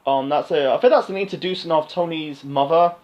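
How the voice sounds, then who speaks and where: A man talks through a film review in a loose, rambling way, stopping and restarting often. His voice sits a little high for a man. The recording is dull and lo-fi. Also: a little fast. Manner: rambling, many fillers and restarts. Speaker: movie reviewer. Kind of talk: casual unscripted review monologue.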